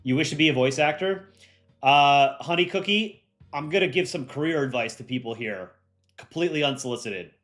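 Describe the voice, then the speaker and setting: A man's voice: fairly high pitch, lively intonation, fairly quick, a bit bright, soft background music. A young man hosting a livestream, chatting casually and rambling with lots of fillers. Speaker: livestream host.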